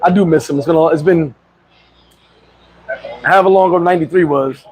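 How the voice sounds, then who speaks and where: A middle-aged man telling a story casually on a livestream, boastful and animated, laughing and swearing often. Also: fairly high pitch, brisk, a little hiss or hum, rough recording. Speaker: vlogger.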